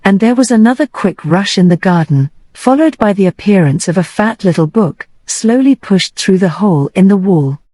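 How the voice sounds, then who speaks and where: A woman narrating a classic children's audiobook in a steady, measured reading. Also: mid-range voice, no echo. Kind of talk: scripted narration.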